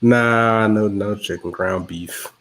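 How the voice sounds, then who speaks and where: Deep-voiced man in joking sports chat. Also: steady tone, slow pace, a bit bright, slight background noise. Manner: dry, joking, blunt. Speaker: podcast co-host.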